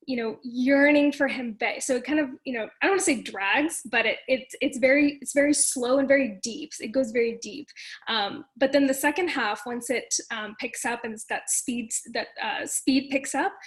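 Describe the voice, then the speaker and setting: A woman with a somewhat high voice, talking through a dance piece on a panel. She explains things step by step, thoughtful and loose, with plenty of fillers as she goes. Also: low-quality recording. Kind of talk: casual panel discussion.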